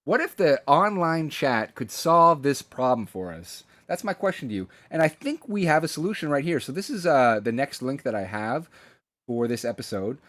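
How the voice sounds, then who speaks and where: A man's voice: mid-range voice, sing-song, normal speed, a bit bright, no echo. A man co-hosting a casual podcast, rambling and hesitant with frequent restarts. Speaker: podcast co-host.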